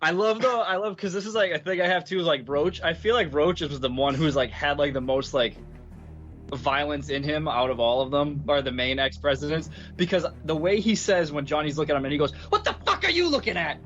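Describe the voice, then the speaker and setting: A man co-hosts a relaxed movie review, rambling and leaning on "like" as he talks. His voice sits a bit higher than most men's, and the recording sounds slightly muffled and lo-fi. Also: a little fast, faint music behind. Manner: rambling, heavy use of filler "like". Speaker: podcast co-host. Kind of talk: casual movie review chat.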